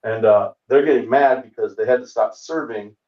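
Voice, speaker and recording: A man's voice: medium pitch, normal speed. A man in his forties tells a road story with easy timing, acting out the people in it. He sits in an echoey room at some distance from a dull-sounding mic on a video call. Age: 40s. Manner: animated, acts out other people's lines. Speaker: comedian guest. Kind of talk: storytelling anecdote in casual chat. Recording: roomy, distant, dull remote call audio.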